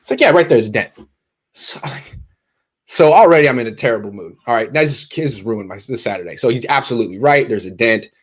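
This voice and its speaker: A man telling a casual, animated, self-deprecating story to camera, stumbling and restarting often. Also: mid-range voice, a little fast. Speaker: sports insider and vlogger.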